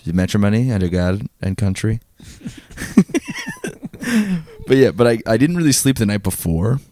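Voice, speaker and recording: A man's voice: fairly low pitch, animated, fast, dark tone, slight background noise. A young man co-hosting a podcast in casual, crude, joking chat. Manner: crude, joking, swears a lot. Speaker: podcast co-host.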